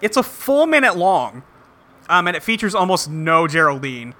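A man co-hosting a casual podcast who recaps a cartoon episode with animated storytelling. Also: sits high, normal speed. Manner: animated storytelling, laughs often. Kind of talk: casual chat.

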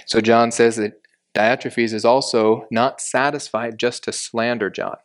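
A man teaching a verse-by-verse Bible lesson in a measured, explanatory way, slowing down to stress key points. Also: mid-range voice, steady tone. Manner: measured, explanatory, slows for emphasis.

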